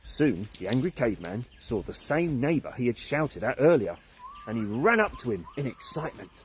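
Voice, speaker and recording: A man narrating a children's story in an animated, expressive way. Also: medium pitch, moderate pace, a little hiss or hum.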